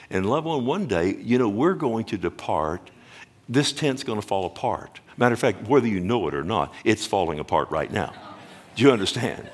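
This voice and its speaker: A man preaching a sermon as pastor, earnest and animated, often restarting phrases and asking the congregation questions. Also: on the low side, normal speed, husky.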